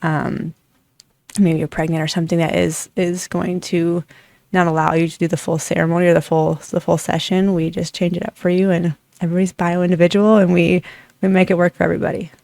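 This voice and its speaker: Breathwork coach, 30s, gravelly voice, dry close mic, rambles w lots of "like"s. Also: mid-range voice, little pitch movement, a little fast, a little mellow, dry recording. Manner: rambling, many restarts and "like" fillers. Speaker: breathwork facilitator. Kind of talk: casual personal storytelling.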